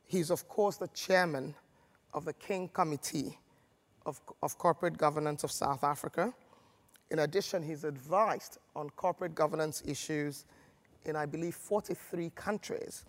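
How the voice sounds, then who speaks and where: A man's voice: a little high, normal speed. A male conference moderator reads out an introduction in a slightly raised voice. His words trail off into a long hall reverb. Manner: formal, reading out credentials. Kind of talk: formal introduction.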